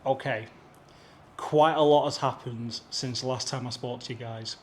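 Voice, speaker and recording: A man's voice: medium pitch, steady tone, normal speed, slight background noise. A young British man with an English accent, chattily telling a travel anecdote to camera for his vlog, acting out the dialogue as he goes. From Britain. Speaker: travel vlogger. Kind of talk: casual storytelling to camera.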